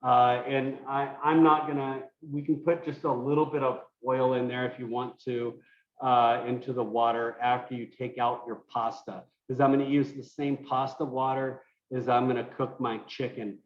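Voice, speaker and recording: A man's voice: medium pitch, normal speed, slight background noise. A man teaching an online cooking class from his kitchen, explaining loosely with lots of fillers. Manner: relaxed, thinking aloud with many fillers. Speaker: cooking instructor. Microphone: video call. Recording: roomy lo-fi video call audio.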